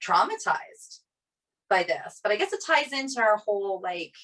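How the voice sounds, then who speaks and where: A woman's voice: medium pitch, normal speed. A woman co-host tells a personal story in easy, chatty podcast talk. She leans on "like" as a filler and acts out the people she quotes, her voice rising and falling a lot. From Italian family. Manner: animated storyteller, quoting others with many "like" fillers. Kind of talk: casual storytelling chat.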